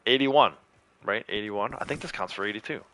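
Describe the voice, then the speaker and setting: A man's voice: lowish voice, fairly quick, fairly bright tone, slight background noise. A man chatting casually while streaming a game, rambling loosely between stories and laughing often. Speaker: streamer and youth softball coach. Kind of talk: casual livestream gameplay commentary.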